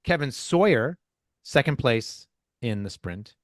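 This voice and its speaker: A man co-hosting a casual podcast, reading race results in a playful, excitable way and tripping over names. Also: medium pitch, takes it slowly, dry recording, clean studio sound. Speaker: podcast co-host.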